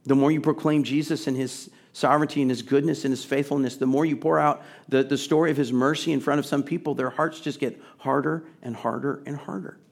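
A man's voice: mid-range voice, fairly even intonation, fairly quick, vocal fry, hardly any pauses. A middle-aged man preaching a sermon in a conversational way, building to emphatic, rising questions. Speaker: pastor.

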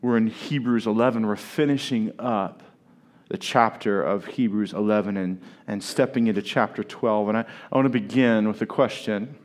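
A male pastor preaching a sermon at a church service, earnest and deliberate, leaning on key words with long pauses, and joking easily with his congregation. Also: fairly low pitch. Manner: playful banter with the congregation.

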